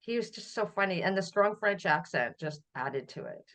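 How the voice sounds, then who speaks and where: A middle-aged Canadian woman, a podcast guest, telling family memories in a relaxed conversational way, often laughing as she recalls. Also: medium pitch, normal speed. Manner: warm storytelling, laughs while recalling. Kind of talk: conversational interview.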